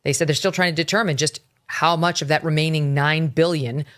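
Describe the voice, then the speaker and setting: A woman's voice: deep voice, steady tone, brisk. A woman commentating on the news in a conversational way, recounting events as she goes.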